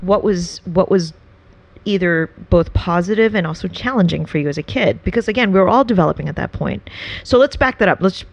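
Woman host, lowish voice, asks questions and chimes in with quick reactions. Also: creaky. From US suburbs. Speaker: interview host. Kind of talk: casual conversational interview.

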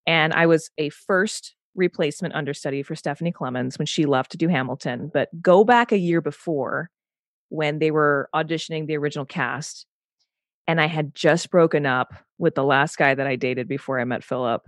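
A woman guest telling a story in a casual, animated way, acting out the voices she quotes and swearing now and then. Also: low-pitched, normal speed, no echo, studio quality. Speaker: podcast guest.

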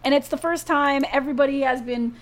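A woman's voice: sits high, fast talker. Chatty woman co-hosting sports news. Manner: chatty, many fillers and restarts. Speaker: co-host of a sports news show. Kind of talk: casual news chat.

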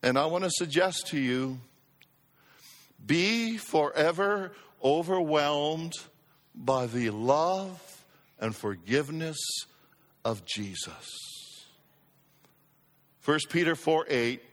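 A male pastor with a high voice preaches at an unhurried pace, leaning on repeated phrases and calling for his congregation to answer back. His sermon rings with the long reverb of a church hall. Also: lively intonation. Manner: emphatic, repeats phrases for effect, calls for congregation response. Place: church sanctuary.

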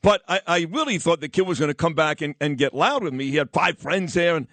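A man's voice: on the high side, fast, no echo. A middle-aged man, a radio host telling a story and talking sports in a casual, wisecracking way. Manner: animated, wisecracking, acts out others in quoted voices.

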